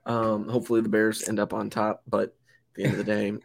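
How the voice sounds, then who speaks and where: A man's voice: on the low side, monotone, fast talker, vocal fry. A young man co-hosting a football podcast, chatting casually and rambling with many fillers and restarts. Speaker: podcast co-host. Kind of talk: casual sports chat.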